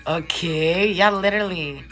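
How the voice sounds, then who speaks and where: A woman live streaming from a hotel room, ranting casually and profanely to her viewers in an incredulous, animated way. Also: fairly low pitch, a little slow, faint music behind. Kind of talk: casual chat.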